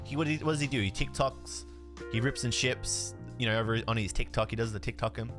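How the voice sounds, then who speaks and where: A man's voice: medium pitch, brisk, music in the background. A man, a card streamer, telling a story in a casual way, acting out the dialogue and swearing now and then. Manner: animated, swears, laughs, acts out dialogue.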